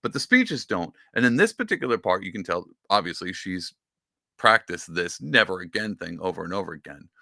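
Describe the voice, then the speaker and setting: Man, podcast host, casual commentary, gravelly, lively swings in pitch, rambling, sarcastic. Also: brisk, dry recording, clean studio sound. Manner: animated, rambling, sarcastic asides.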